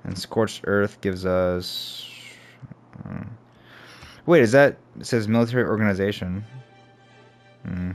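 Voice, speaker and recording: A man's voice: on the low side, slow pace, long pauses. A young man giving casual let's play commentary, thinking aloud and swearing as he plays. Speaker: gamer. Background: faint game music.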